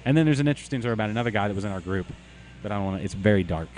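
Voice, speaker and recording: A man co-hosting a beer show, telling a rambling story in casual chat, with many halting restarts. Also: on the low side, lively intonation, a little mellow, faint music behind. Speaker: podcast co-host.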